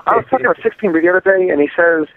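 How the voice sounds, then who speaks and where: A man's voice: sits high, racing, a crowd in the background. A man in a casual gaming podcast chat, heated and ranting about a fighting game. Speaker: podcast guest. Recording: tinny phone-like line.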